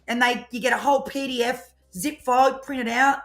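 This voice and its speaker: A woman's voice: sits high, normal speed, soft background music. Chatty woman, rambling. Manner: chatty, rambling, animated storytelling. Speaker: tarot reader co-host. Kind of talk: casual live-stream chat.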